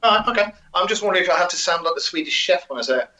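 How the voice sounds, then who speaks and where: A man's voice: sits high, lively intonation, racing, pushed and bright. A man co-hosting a casual podcast, reading out notes with many ums and joking asides. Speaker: co-host. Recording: muffled lo-fi audio.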